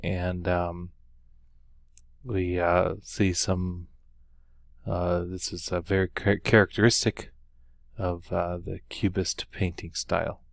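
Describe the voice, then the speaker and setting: A man's voice: low voice, flat delivery, takes it slowly, vocal fry, pauses often, no echo, studio quality. A man teaching a Spanish lesson, walking through the material unhurriedly with many ums and uhs and carefully sounded-out example words. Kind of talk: recorded lesson walkthrough.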